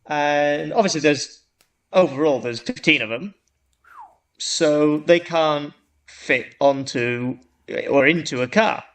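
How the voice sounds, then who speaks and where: A man's voice: on the high side, takes it slowly. A man co-hosting a podcast, telling a long joke in a casual, rambling way with frequent restarts. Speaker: podcast co-host.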